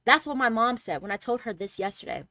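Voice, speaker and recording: Animated, profane young woman telling a story. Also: on the high side, fast talker, no echo, clean studio sound. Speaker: streamer. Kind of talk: casual storytime.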